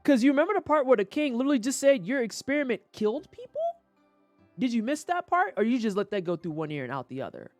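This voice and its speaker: Brief: woman game streamer, lively swooping pitch, dry close sound, profane rants. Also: fast talker, dry recording, soft background music. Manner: animated, profane ranting with quoted voices. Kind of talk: casual livestream commentary.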